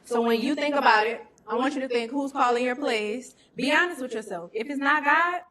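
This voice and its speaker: A woman's voice: on the high side, fairly quick, fairly bright tone. A woman leading a faith-based business teaching, asking her listeners pointed questions and using football comparisons. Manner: preacherly, uses football analogies, asks the audience direct questions. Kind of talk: teaching with slides.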